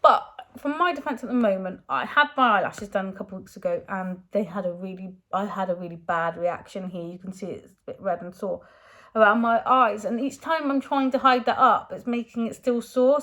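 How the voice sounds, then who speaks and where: A woman's voice: medium pitch, a bit bright. Candid, chatty woman vlogging. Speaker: vlogger and mother. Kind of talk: casual vlog talk to camera.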